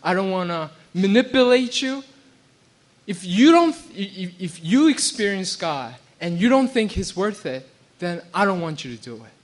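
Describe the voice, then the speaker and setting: A pastor preaching a sermon in a conversational way, often restarting and checking in with "right?". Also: male voice, sits high, sing-song, moderate pace. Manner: acts out quoted voices with bursts of laughter.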